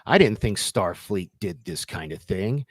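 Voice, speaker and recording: Low-voiced man hosting a casual live show. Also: a little slow, no room sound. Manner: animated retelling, acting out quoted lines. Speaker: host. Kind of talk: casual chat on a live stream.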